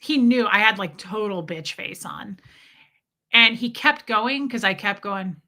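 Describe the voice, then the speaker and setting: A woman's voice: medium pitch, unhurried. A woman casually telling her own story to a live chat, swearing and quoting others as she goes. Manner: profane, animated, quotes others in dialogue.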